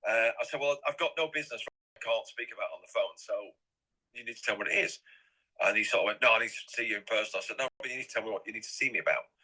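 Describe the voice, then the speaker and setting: A man's voice: fairly low pitch, fast, sharp tone, breathy edge, low-quality recording. A middle-aged man from England, rambling and repeating himself as an interview guest. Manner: rambling and repetitive.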